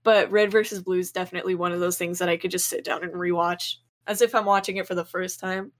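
A woman's voice: on the low side, steady tone, fast talker. A woman guesting on a podcast, chatting casually, rambling with lots of fillers and casual swearing. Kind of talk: casual chat.

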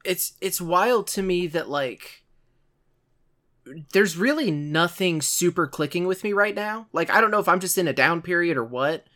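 A man in casual podcast chat with a slightly high, bright voice. He rambles through his points and stacks up side remarks as he goes. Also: animated, moderate pace. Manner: rambling, lots of "like" asides. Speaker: podcast co-host.

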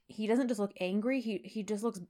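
A woman's voice: mid-range voice, fairly quick, dark tone. A woman co-hosting a podcast, recapping a TV episode in casual chat, telling it with emotive exasperation and lots of fillers. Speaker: podcast co-host.

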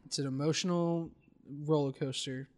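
A man's voice: on the high side, steady tone, moderate pace, darkish tone. A young man co-hosting a podcast, joking in mock-serious tones and stumbling over fillers. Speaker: podcast co-host. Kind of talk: casual podcast banter.

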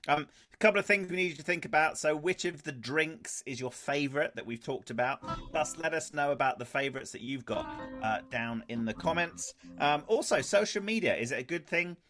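A man's voice: on the high side, fairly quick, faint music behind. A man co-hosting a chat podcast, teasing his friends and wrapping up the show. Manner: teasing, lively, wraps up the show. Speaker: podcast co-host. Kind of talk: casual banter.

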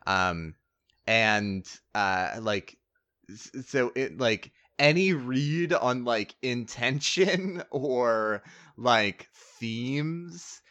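A man's voice: mid-range voice, very slow, a bit bright. A man in casual chat about a movie, rambling with lots of fillers and the odd swear word.

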